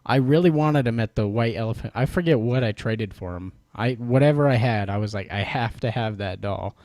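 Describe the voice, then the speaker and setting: A man's voice: mid-range voice, a little fast, darkish tone, no room sound, studio quality. A man in casual podcast chat, laughing often as he tells a story about a creepy toy.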